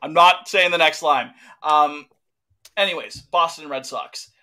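A man's voice: on the high side, a little slow, sharp tone. A man co-hosting a podcast in casual chat, jokey, laid-back and profane. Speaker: podcast co-host.

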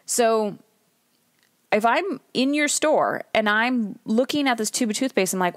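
A woman's voice: a little high, animated, normal speed, dry recording, studio quality. A woman hosting a solo podcast from her car. She talks candidly and emphatically, swears casually and acts out little scenes. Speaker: podcast host.

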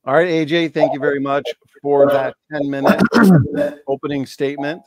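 A man moderating a debate, brisk and upbeat as he thanks a speaker. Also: fairly high pitch, steady tone, a crowd in the background.

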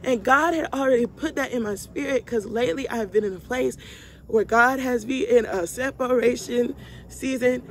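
A young woman vlogger leads viewers through a Bible study in casual preaching, speaking straight to them as y'all. Heartfelt and emphatic, she repeats lines for stress. Her somewhat high voice moves at normal speed, with slight background noise.

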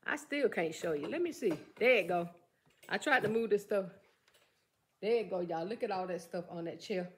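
A woman vlogger chatting excitedly about her shopping haul and calling out to her viewers as she goes. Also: medium pitch, normal speed, a little hiss or hum. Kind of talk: casual haul vlog chat. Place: room at home. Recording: echoey room.

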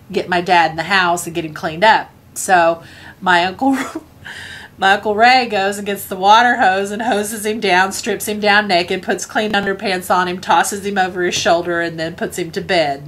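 A woman's voice: on the low side, a bit bright. A woman with a Scottish accent telling a family anecdote in a casual way, chuckling often and acting out what her parents said. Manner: chuckling, acts out family members' lines. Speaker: storyteller.

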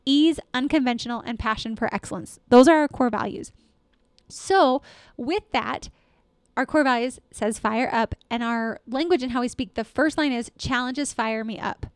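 A woman hosting a solo podcast as a consultant, talking in an energetic, emphatic way and repeating affirmations. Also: a little high, moderate pace, clean tone, no echo, studio quality. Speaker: podcast host and dental practice consultant. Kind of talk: solo motivational podcast talk.

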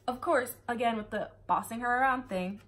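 Woman, book review vlog, casual chat, sarcastic asides, a bit high-pitched. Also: moderate pace, fairly bright tone. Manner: chatty, sarcastic asides, frequent laughter.

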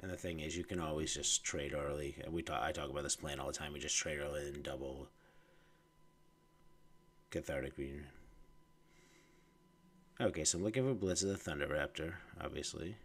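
A man's voice: very deep voice, steady tone, normal speed, pauses often. A man with a congested, nasal voice and heavy breathing, casually commenting on his card game as he plays and muttering his thoughts aloud. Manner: muttering thoughts while playing. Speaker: gameplay streamer.

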